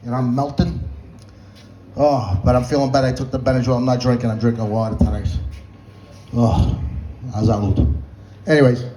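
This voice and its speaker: A man's voice: medium pitch, steady tone, brisk, long pauses, dark tone, slight background noise, poor audio. Man, stand-up comic from the North End, loose profane storyteller, slightly out of it. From Boston North End. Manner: rambling, profane, laughing at own jokes. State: groggy on antihistamine. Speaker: stand-up comedian.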